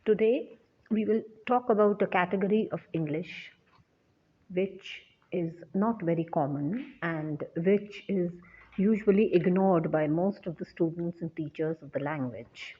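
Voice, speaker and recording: A woman teaching an English lesson in a measured, deliberate way, repeating her key points. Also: fairly low pitch, breathy edge. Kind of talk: slow lecture. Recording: dull lo-fi recording.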